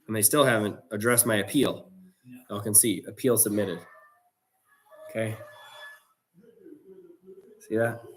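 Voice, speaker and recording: A man with a fairly low voice hosts a live trading stream. He talks loosely and casually in slang, reacting to his viewers as he goes. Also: bright, forceful tone. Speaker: livestream trading host. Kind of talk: casual livestream chat to viewers.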